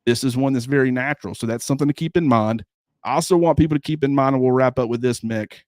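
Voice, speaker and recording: A man co-hosting a sports show, earnest and measured as he breaks down a game. His voice has a middle pitch. The sound is dry and close. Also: a little mellow, dry recording. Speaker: sports analyst co-host. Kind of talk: casual sports talk.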